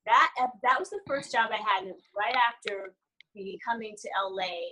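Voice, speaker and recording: A woman in her forties, an actress guest in a casual interview, telling animated stories with frequent laughter. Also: medium pitch, slightly rough, low-quality recording.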